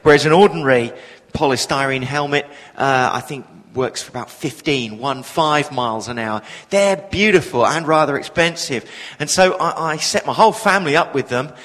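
Middle-aged male preacher, chatty and self-mocking, slightly high voice, heard in a reverberant hall. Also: normal speed, fairly bright tone. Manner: self-deprecating, chatty storyteller with frequent fillers. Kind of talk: sermon with personal anecdote.

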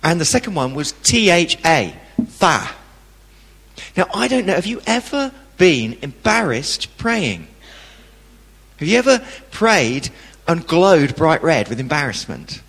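Man, testimony sermon, slightly husky voice, long hall reverb. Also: fairly high pitch, slow. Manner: lively storytelling, acting out quoted people.

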